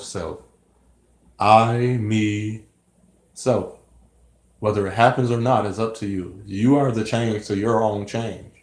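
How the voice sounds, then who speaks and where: A man's voice: on the low side, darkish tone. Earnest rambling man in an echoey room. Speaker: vlogger. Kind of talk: personal monologue to camera.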